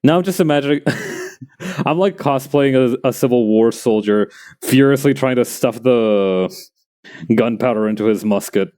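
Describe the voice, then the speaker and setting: A man's voice: mid-range voice, normal speed, darkish tone. A man streaming as he makes a plush, rambling and joking and often laughing. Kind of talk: casual chat while crafting.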